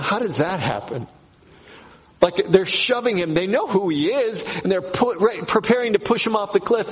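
A man preaching a sermon to his congregation, slow and emphatic, repeating key phrases. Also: a little high, rough recording. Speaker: pastor.

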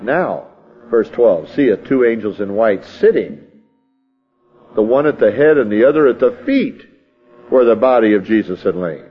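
A man's voice: on the low side, very animated, a little slow, husky, highs cut off, soft background music. A man preaching a sermon in a folksy way, reading scripture and acting out the scene in his own words. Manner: folksy, acts out the scene, chuckles. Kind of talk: sermon teaching.

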